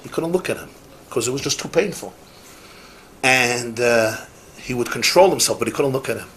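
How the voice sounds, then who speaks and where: A man's voice: medium pitch, animated, normal speed, a bit bright, a little hiss or hum. A rabbi giving a Torah class, emphatic and repeating his key phrases, with Yiddish and Hebrew words mixed in.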